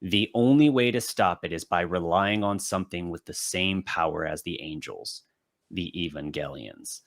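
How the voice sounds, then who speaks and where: A man co-hosting a podcast, chatting casually through an episode recap and acting out character lines in quick bits. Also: deep voice. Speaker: podcast co-host. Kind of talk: casual anime recap chat.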